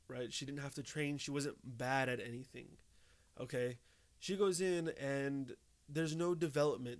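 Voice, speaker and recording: A young man talks through tips in a casual, conversational way. His pitch sits in a middle register. He keeps checking in with listeners as he goes. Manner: conversational, often checks in with "okay?" and "right?". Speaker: tabletop game tips host. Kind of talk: casual tips talk to camera.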